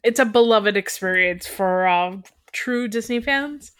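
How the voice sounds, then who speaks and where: A woman from western Canada co-hosting a chatty podcast, her voice sitting at an ordinary middle pitch. She rambles easily and often restarts a thought midway. The sound is dry and close, with no room around it. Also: measured pace, fairly bright tone, smooth, no room sound. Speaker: podcast co-host. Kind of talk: casual chat.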